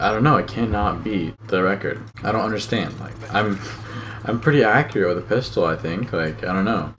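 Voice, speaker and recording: A man's voice: on the low side, a little hiss or hum. A young man giving gameplay commentary as a channel host, muttering and swearing at the game in frustration.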